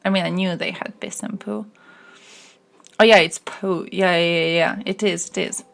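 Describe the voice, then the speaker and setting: Gravelly woman streamer, crude and laughing. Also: on the low side, steady tone, normal speed, a bit bright. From the Balkans. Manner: crude, laughing, reacting to chat and news. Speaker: livestreamer. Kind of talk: casual live-stream chat.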